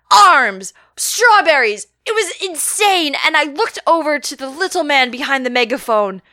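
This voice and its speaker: A woman telling a comic anecdote in a lively, building storytelling manner. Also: high voice, moderate pace, hardly any pauses, no echo, studio quality.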